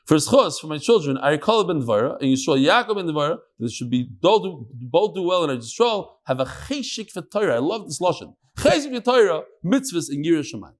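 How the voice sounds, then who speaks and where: A man's voice: a little high, very animated, a little fast, hardly any pauses. A man gives a Talmud class. He talks in a chatty way and jokes in asides between his readings of the text. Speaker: Talmud teacher. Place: classroom with live audience.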